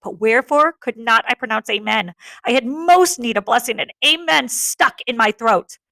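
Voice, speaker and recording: A woman's voice: fairly high pitch, lively intonation, moderate pace, vocal fry, pushed and bright, dry recording, heavily acted. A woman reading aloud the part of Macbeth, a guilt-shaken nobleman, in an anguished, emphatic way.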